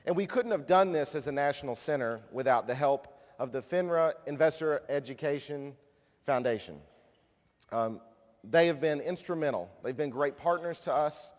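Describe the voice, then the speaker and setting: A man in his thirties giving a conference speech, telling a personal story with self-deprecating humor before he introduces a guest. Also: mid-range voice. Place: large conference hall. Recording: long hall reverb.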